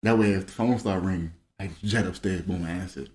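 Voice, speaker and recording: A man's voice: low voice, brisk. A man co-hosting a casual podcast, telling his own story and chiming in with short reactions. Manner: relaxed, chimes in with short reactions. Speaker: podcast co-host. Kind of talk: casual chat. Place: home room. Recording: roomy home recording.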